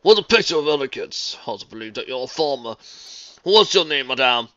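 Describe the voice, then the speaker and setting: A reader voicing a dapper, eager gentleman stallion who speaks in a pompous, formal, effusive way, on a dull lo-fi recording. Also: mid-range voice, very animated, a little fast, no echo, voice pushed up.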